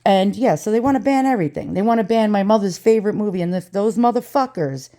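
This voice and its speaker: A middle-aged woman, ranting in a profane, rambling vlog with quick asides. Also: mid-range voice, warm tone. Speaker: vlogger.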